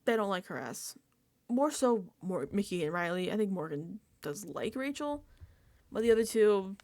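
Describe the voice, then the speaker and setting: A woman doing casual recap commentary on her vlog, animated and profane and laughing often. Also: mid-range voice, a little fast. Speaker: reality TV recap vlogger.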